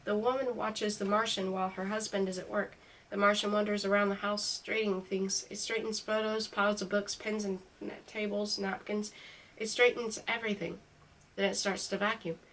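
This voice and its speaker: Calm woman reading a storybook. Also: mid-range voice, normal speed, a little hiss or hum. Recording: slightly distant mic.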